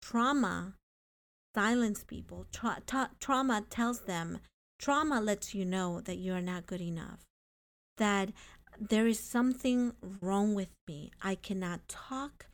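A woman hosting a faith-based podcast, speaking earnestly and reading scripture aloud. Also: medium pitch. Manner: earnest, reads scripture slowly. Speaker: podcast host.

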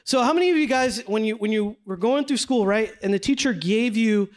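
A man teaching a Bible study class from slides, energetic and conversational, asking the group questions. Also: high voice, brisk.

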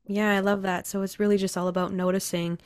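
A woman hosting a podcast, softly encouraging and affirming her guest as she asks questions. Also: medium pitch, level tone, fast, no echo. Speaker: podcast host. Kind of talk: casual podcast conversation.

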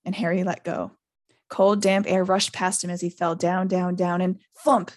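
A woman hosting a podcast, reading a novel aloud in a lively way. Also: fairly low pitch, moderate pace. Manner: lively, laughs often. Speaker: podcast host.

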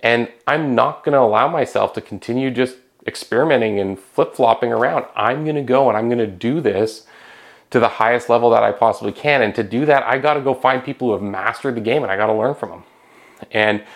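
A man's voice: mid-range voice, a little fast. A man hosting a podcast, telling a personal story in a candid, conversational way with frequent fillers and restarts. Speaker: podcast host.

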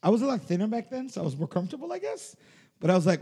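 A man hosting a podcast, telling profane stories in casual chat, animated and laughing as he goes. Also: sits high, rapid-fire, husky. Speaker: podcast host. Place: studio. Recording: long hall reverb.

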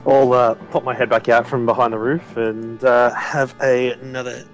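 A man's voice: mid-range voice, little pitch movement, normal speed, soft background music, low-quality recording. A man playing a tabletop game, easygoing and a little hesitant as he describes his moves. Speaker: player. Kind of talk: casual tabletop play.

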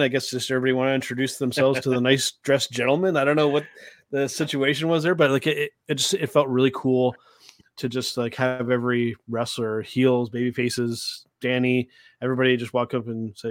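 Flat-voiced man rambling earnestly. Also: medium pitch, dry recording. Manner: rambling, halting, full of restarts, earnest. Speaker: podcast co-host. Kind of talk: casual chat.

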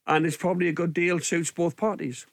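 A man giving relaxed football opinions on a radio show, with frequent ums. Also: a little high, fairly quick, creaky, dry recording. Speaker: football pundit. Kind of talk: casual radio sports chat. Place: radio studio.

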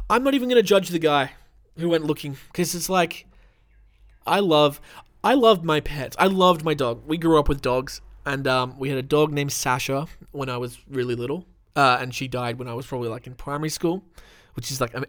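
A man's voice: medium pitch, dry recording, clean studio sound. A man hosting a podcast, chatting casually and reading news aloud, rambling and swearing with many ums, from a room at home. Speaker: podcast host. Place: room at home with the window open.

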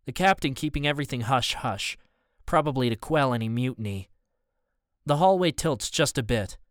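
A man giving first-person scripted audiobook narration in an even, measured way. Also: medium pitch, no room sound, studio quality.

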